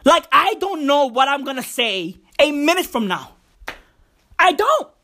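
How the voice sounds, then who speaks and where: Her voice is high, pushed and bright, very animated at normal speed. Hosting a podcast, she rambles through a profane, freestyle comedic monologue and keeps addressing the listener as "bruv."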